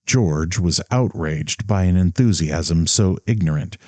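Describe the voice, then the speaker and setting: Low-voiced man reading a novel aloud. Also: unhurried, hardly any pauses, a little mellow, dry recording. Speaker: audiobook narrator. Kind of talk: scripted narration.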